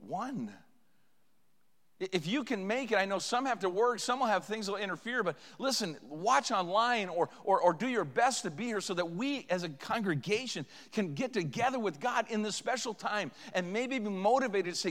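A high-pitched male preacher delivers a revival sermon in a church sanctuary. His voice rings with a long reverb. He builds to loud, impassioned pleading when he acts out prayers. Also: lively intonation, moderate pace.

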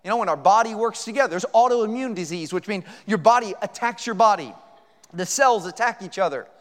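A man's voice: high-pitched, lively intonation, fairly quick, long reverb tail. A man preaching a sermon as a guest preacher, folksy and joking, with many rhetorical questions. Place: church sanctuary.

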